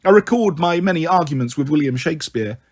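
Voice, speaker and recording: Male storyteller, slightly raised pitch, expressive first-person audiobook reading. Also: fast talker, breathy edge. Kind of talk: audiobook narration.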